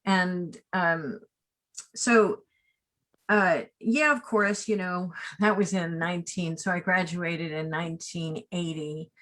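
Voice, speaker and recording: A woman in her sixties, a casting director being interviewed, who tells personal stories in an animated, rambling way full of asides and tag questions. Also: fairly low pitch, slow pace. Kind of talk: remote interview, personal storytelling.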